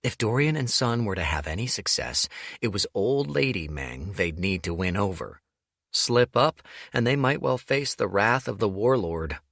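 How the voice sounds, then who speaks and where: A man narrating an audiobook in an expressive, storytelling manner. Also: fairly low pitch, moderate pace, creaky, no echo, clean studio sound.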